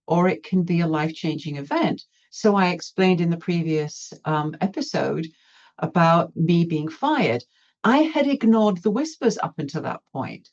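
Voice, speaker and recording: A woman's voice: low-pitched, darkish tone, muffled recording. A woman guest in an interview, telling her own story candidly with self-mocking humour. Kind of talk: storytelling in conversation.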